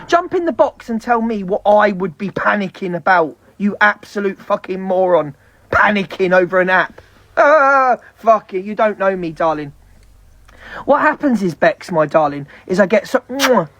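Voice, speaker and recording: A woman's voice: mid-range voice, no echo. Sweary woman ranting. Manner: heavy swearing, fast heated ranting. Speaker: live streamer. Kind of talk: angry live-stream rant.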